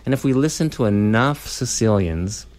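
A man's voice: lowish voice, expressive, moderate pace, darkish tone. A man interviewed as an academic, talking casually and loosely with fillers.

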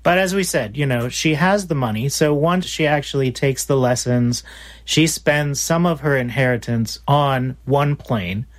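A man with a mid-range voice co-hosting a history podcast. He narrates events in a relaxed, casual way. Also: medium pitch, a little slow. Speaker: podcast co-host. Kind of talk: conversational history storytelling.

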